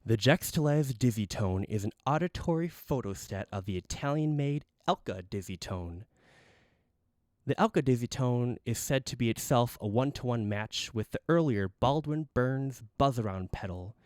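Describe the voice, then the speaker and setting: A man's voice: medium pitch, lively intonation, moderate pace, darkish tone, no echo, studio quality. A man hosting a casual guitar gear demo, enthusiastic and rambling, with many restarts.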